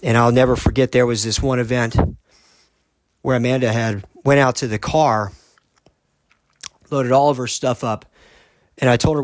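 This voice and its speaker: A man's voice: mid-range voice, fairly even intonation. Guy on his podcast, earnest, keeps restarting sentences, dry sound, no room echo. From United States. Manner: earnest, halting, with frequent restarts. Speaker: podcast host. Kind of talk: personal storytelling monologue.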